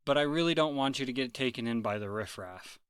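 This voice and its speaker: A woman voicing an older father who talks gently and hesitantly, worried for his daughter. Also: very deep voice, expressive, fairly quick, clean tone, no echo, clean studio sound, voice pushed down. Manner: hesitant, soft, pleading.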